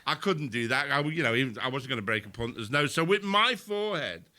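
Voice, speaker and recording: A man's voice: mid-range voice, lively intonation, a little fast, pushed and bright. An older male comedian telling sweary anecdotes on a live podcast, laughing as he goes. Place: live venue with audience.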